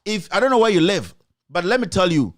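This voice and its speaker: A Ghanaian man hosting a talk show, his high voice rising as he pushes his point with passion. He repeats his lines and fires rhetorical questions straight at his critics. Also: big pitch swings, brisk. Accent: Ghanaian English. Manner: passionate, repetitive, rhetorical, addressing critics directly. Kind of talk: impassioned political commentary.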